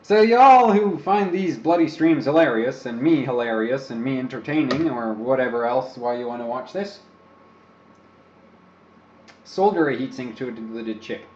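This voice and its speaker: A man's voice: mid-range voice, expressive, moderate pace, darkish tone, a little hiss or hum. A young man from the Czech Republic hosting an overclocking livestream, rambling and joking about himself in casual commentary. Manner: rambling, joking, self-deprecating. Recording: roomy, slightly dull stream audio.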